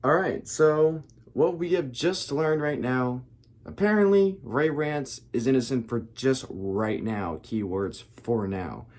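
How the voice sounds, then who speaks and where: A man's voice: mid-range voice, expressive, slow pace, a little mellow. Casual male reaction host. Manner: loose and profane, recapping to viewers.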